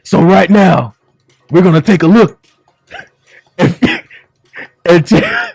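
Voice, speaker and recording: Man doing a fiery Southern bishop, high and loud, dry booth sound. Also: huge pitch swings, takes it slowly, gravelly, breathy edge, dry recording, full character voice. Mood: preaching. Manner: preachy, rising and shouting.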